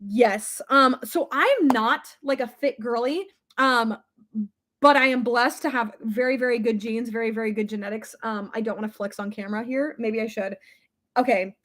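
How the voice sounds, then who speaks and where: Woman, thirties, high voice, congested, giggly, casual livestream host. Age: 30s. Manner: giggly, breaks into high shrieking laughter. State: stuffy, congested head. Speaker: livestream host reading viewer comments. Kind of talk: casual live chat.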